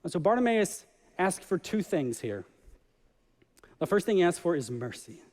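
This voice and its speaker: A man preaching a lively sermon as pastor of a church, acting out voices from the story as he reads. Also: high-pitched, normal speed. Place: church sanctuary. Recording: church hall with long reverb.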